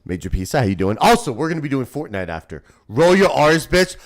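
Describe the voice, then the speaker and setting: A man in his thirties chatting casually on a live stream as its host, rowdy and profane, teasing his chat and swinging between loud shouts and low mumbles. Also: big pitch swings, brisk. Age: 30s.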